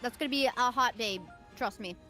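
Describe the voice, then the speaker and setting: A woman's voice: a little high, brisk, pushed and bright, faint music behind. A woman chatting on a stream, blunt and opinionated, swearing casually. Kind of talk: casual chat while gaming.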